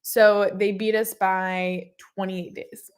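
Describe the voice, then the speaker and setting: A woman's voice: mid-range voice, level tone, slow, smooth. Chatty young woman reading stream comments. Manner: chatty, easily sidetracked, laughs often. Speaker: co-host of a livestream Q&A. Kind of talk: casual livestream chat, reading viewer comments.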